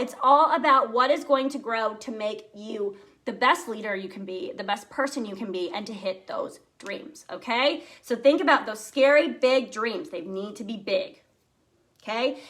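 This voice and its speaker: High-voiced woman giving a pep talk. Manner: energetic, chatty, addresses listeners directly. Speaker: sales team director. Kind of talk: motivational team talk.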